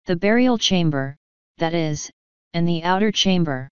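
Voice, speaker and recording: A woman's voice: fairly low pitch, animated, clear, resonant tone, no room sound, muffled recording. A woman doing a pushy salesman. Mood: salesy. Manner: fast-talking sales patter. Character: eager, pushy male pyramid salesman.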